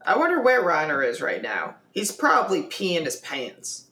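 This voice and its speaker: A co-host in a casual podcast chat, relaxed and a little hesitant, with plenty of fillers. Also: medium pitch, normal speed, echoey room. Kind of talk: casual chat about an anime episode.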